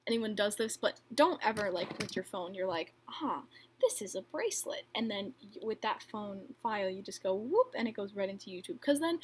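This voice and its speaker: Reading viewer questions on her relaxed livestream, a young bracelet maker responds in a talkative, filler-packed style, laughing often. She speaks a little fast in a mid-range voice with hardly any pauses, and there's a slight hiss or hum.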